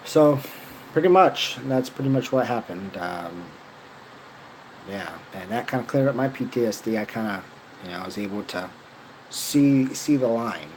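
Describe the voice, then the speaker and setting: A man's voice: medium pitch, lively intonation, moderate pace, slight background noise, rough recording. A young man telling a rambling personal story, casual and profane, full of fillers and slang. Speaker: vlogger.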